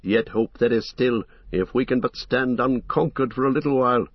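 A man voicing a stern, wise old male wizard with a husky voice, giving measured, grave counsel in a storybook reading. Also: on the low side, no room sound, dull audio.

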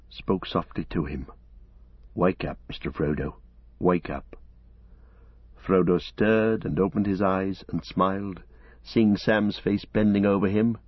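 Man narrating, measured expressive storytelling, low husky voice, dry slightly muffled audio. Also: no echo. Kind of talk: scripted narration.

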